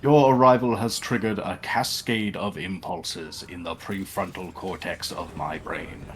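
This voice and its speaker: Excitable old tech-priest, grand and lecturing, low-pitched, read by a man. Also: a little slow, a crowd in the background. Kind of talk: reading game dialogue aloud.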